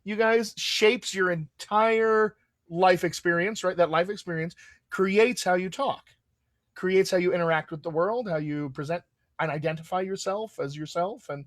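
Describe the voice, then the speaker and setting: Host: enthusiastic American man, dialect coach, a touch high-pitched, dry close mic. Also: moderate pace, a bit bright, dry recording. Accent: General American. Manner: enthusiastic, talks in restarts. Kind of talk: live Q&A chat.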